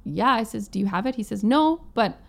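A woman from Manitoba, a guest musician, tells a story in a casual interview, with a touch of vocal fry in her mid-pitched voice. She acts out the quoted lines in her own voice. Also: fast, a bit bright. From Manitoba, Canada. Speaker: guest musician, violinist and singer.

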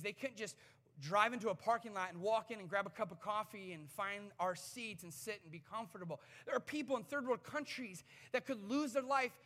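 A man in his thirties preaching a sermon as a pastor, telling stories with an animated, self-deprecating manner. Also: sits high. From United States. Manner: animated storytelling, self-deprecating, rising to excited peaks. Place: church sanctuary. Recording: reverberant church hall.

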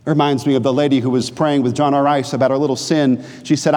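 Male pastor, fairly high voice, long hall reverb, animated storytelling sermon. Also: fast talker, few pauses. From New Hampshire. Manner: animated storytelling preacher, shifts from jokey to low and earnest.

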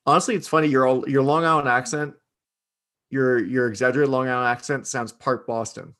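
A man co-hosting a casual podcast, laid-back and quick with dry asides. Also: mid-range voice, fairly even intonation, a bit bright. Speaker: podcast co-host.

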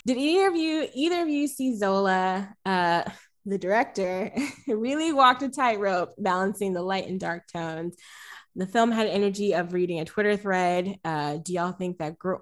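Brief: woman co-hosting a movie podcast, loose and chatty, keeps correcting herself. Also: mid-range voice. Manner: rambling, self-correcting, laughs often. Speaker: podcast host. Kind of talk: casual film-review chat.

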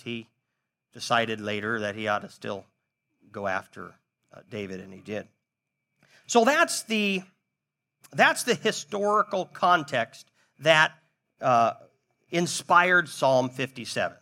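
Animated, lively male preacher. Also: mid-range voice, creaky. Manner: animated storytelling with acted quotes. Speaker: pastor. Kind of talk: sermon.

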